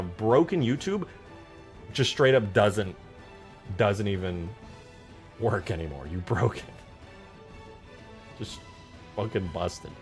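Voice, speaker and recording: A young man chatting on a live stream from home, rambling and swearing freely as he works on a game mod and answers viewers. His voice sits on the low side, with faint music playing in the background. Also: lively intonation, takes it slowly, pauses often. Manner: rambling, profane, reads chat aloud. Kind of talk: casual live-stream chat.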